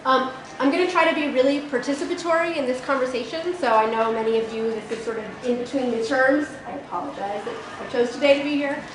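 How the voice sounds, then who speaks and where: Hoarse woman lecturing in an echoey hall. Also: high-pitched, fast, few pauses. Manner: participatory, conversational, frequent ums. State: hoarse, losing her voice. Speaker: guest lecturer. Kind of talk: college lecture. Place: college lecture room. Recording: echoey room with background noise.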